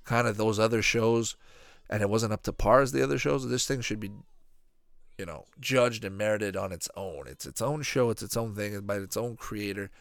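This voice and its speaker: Low-voiced rambling man reacting to cartoons. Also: clear, resonant tone, dry recording, studio quality. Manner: rambling, profane, animated asides. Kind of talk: casual reaction commentary.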